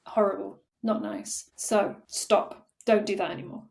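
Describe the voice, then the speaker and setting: A woman, a career coach, speaking as a guest in a casual podcast conversation, animated and acting out her own remembered thoughts with frequent laughter. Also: mid-range voice, unhurried, vocal fry, hardly any pauses. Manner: animated, acts out quoted thoughts, laughs often.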